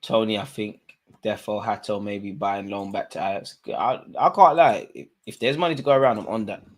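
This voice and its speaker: A man hosting a live football watch-along, chatting in slang about the match and breaking into loud shouts when a chance or goal comes. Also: on the low side, moderate pace. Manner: London slang, bursts into shouting at chances and goals.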